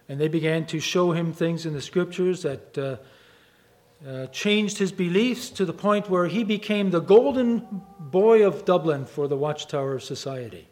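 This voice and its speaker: High-voiced man preaching a sermon. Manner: animated storytelling, acts out quoted voices with wide pitch swings.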